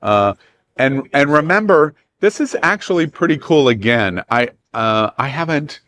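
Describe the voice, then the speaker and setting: Southern US male host, mid-range voice, chatty trip briefing with jokes, very animated intonation. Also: medium pitch, unhurried. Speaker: travel club host. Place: meeting room with an audience.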